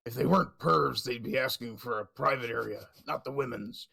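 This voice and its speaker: Dude doing a loud gravelly bat-vigilante growl, kinda rough on the throat. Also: male voice, medium pitch, exaggerated voice. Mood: indignant. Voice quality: gravelly, rasping. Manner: loud, slow growl reading a comment. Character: gruff growling male caped vigilante, brooding.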